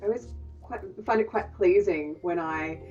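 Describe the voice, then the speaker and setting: A woman dialect coach explains herself thoughtfully, her voice lowish. She sounds a little distant on a dull recording, with faint music beneath. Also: moderate pace, darkish tone. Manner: thoughtful, hedging, laughs lightly. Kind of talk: interview answers.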